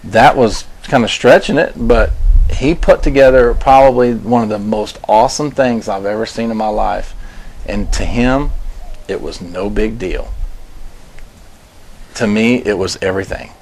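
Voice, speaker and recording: A man hosting a story show, telling a personal tale in a loose, conversational way, his voice climbing when excited and sinking low and quiet when reflective. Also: unhurried. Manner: loose, conversational, restarts and "I was like" asides. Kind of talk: casual spoken storytelling.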